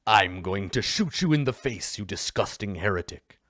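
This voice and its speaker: A man's voice: fairly low pitch, animated, normal speed, a bit bright, no echo, clean studio sound. A man voicing a pompous male space inquisitor who over-enunciates every word like a radio announcer.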